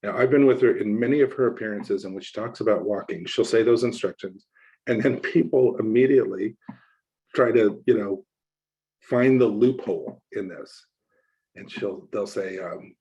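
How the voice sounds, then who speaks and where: A male minister telling a personal story in a relaxed, conversational sermon, acting out the voices of the people he quotes. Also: on the low side, normal speed, husky, dull audio.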